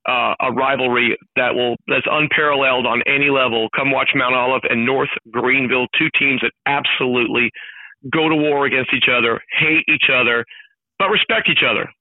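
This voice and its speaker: A man's voice: mid-range voice, no room sound. A man, a sports announcer chatting as a radio show guest, talking with enthusiasm. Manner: enthusiastic, hyped storytelling. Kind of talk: casual radio chat. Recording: dry, phone-like line.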